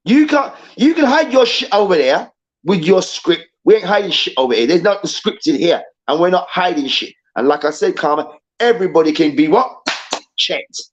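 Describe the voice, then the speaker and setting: Speaking at normal speed with a high voice and big pitch swings, a man hosts a football debate show in an angry, profane rant. He drives his points home by repeating them, captured in dull lo-fi audio.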